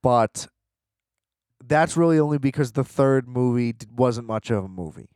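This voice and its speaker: A man talks casually on his own podcast, rambling and swearing as he laughs at himself. His voice sits at an ordinary middle pitch. The sound is close and dry, with no room around it. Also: animated, moderate pace, a little mellow, no echo. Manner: rambling, profane, self-mocking. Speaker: podcast host. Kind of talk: casual solo commentary.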